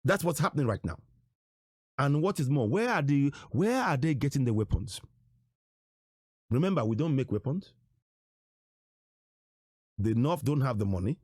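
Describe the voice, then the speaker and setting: A man delivers political commentary, pressing the same rhetorical questions over and over. His voice is pitched mid-range but swings up and down animatedly. The sound is dry, with almost no room echo. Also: very animated, normal speed, long pauses, a little mellow, breathy edge. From Nigeria. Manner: emphatic, repeats rhetorical questions and phrases. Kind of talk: online commentary on shared on-screen material.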